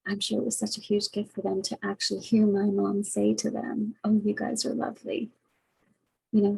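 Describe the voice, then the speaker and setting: Caregiver vlogger, middle-aged woman, husky dark tone, reflective and earnest, speaks to her webcam. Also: medium pitch, poor audio. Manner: earnest, reflective, many fillers. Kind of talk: casual heartfelt talk to camera. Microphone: webcam, facing camera.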